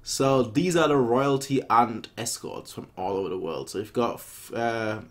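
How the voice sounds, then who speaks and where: A man's voice: mid-range voice, unhurried. A man chatting casually as he reacts to a manga chapter, rambling and restarting his sentences. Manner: rambling, animated, frequent restarts and fillers.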